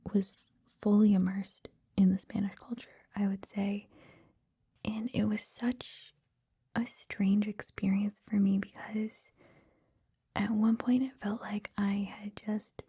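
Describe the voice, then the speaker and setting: A young woman, rambling in a breathy ASMR whisper close to the mic, drifting along with many ums. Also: medium pitch, highs cut off. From Canada. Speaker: ASMR creator. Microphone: close ASMR microphone.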